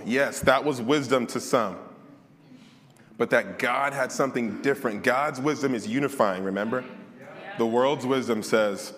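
A man's voice: mid-range voice, fairly bright tone, long reverb tail. A young adult man preaching a sermon and telling a personal story in a candid, conversational way.

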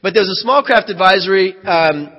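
Male pastor, storyteller, lightly raised pitch, dull lo-fi church recording. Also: expressive, a little fast. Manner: vivid first-person storytelling with reenacted dialogue. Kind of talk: sermon storytelling. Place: church hall. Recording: echoey hall, dull lo-fi sound.

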